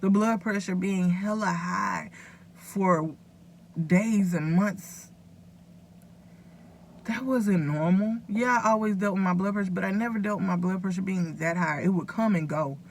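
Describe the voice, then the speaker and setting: A woman vlogger speaks at medium pitch and a little slowly, with a faint hiss or hum behind her. Talking casually and earnestly straight to the camera, she rambles a bit while giving her viewers advice.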